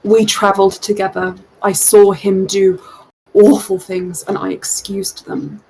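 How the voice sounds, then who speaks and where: A woman's voice: medium pitch, little pitch movement, a little mellow, slightly rough, rough recording. A woman voicing a nervous cloaked man. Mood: confessing. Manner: earnest, pleading, halting. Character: secretive nervous cloaked man, haunted by a lost love.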